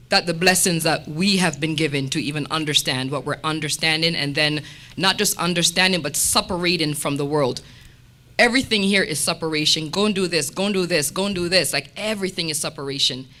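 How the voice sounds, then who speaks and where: A woman sharing a testimony at a church meeting, telling stories with lively quoted dialogue. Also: deep voice, a little fast. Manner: animated storytelling with quoted dialogue.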